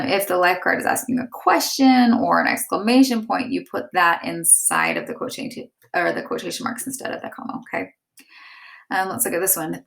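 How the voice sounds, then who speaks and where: A woman's voice: fairly low pitch, vocal fry, a bit bright. A woman teacher explaining step by step and reading example sentences aloud. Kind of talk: classroom lesson.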